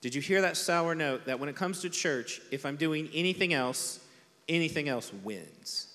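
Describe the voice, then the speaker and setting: A man's voice: a little high, lively intonation, moderate pace, a bit bright. A man preaching a conversational sermon as pastor, self-deprecating and acting out quotes. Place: large church hall. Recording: long hall reverb from a church PA.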